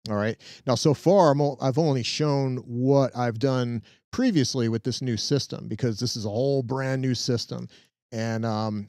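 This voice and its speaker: Upbeat man demoing tech, crisp dry voice. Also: medium pitch, darkish tone, no room sound. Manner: chatty, upbeat, talks to viewers while working. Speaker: host and tech trainer. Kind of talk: casual live-stream tech demo. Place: home tech lab.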